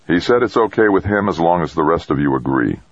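A man's voice: deep voice, animated, fast talker, no echo. A man reading an audiobook, voicing a weary mission leader who speaks tightly and solemnly. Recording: dull dry lo-fi recording.

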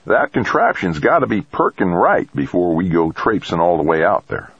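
A man's voice: low voice, big pitch swings, moderate pace, slightly rough, no room sound, muffled recording, pitched above the performer's own voice, exaggerated voice. A man voicing a folksy, wary male field hand with a drawling way of speaking. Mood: warning.

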